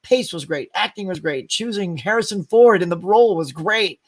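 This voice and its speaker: A man's voice: high-pitched, moderate pace. A man chatting casually as a guest on a live stream, talking about movies in an enthusiastic, chatty way. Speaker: guest host.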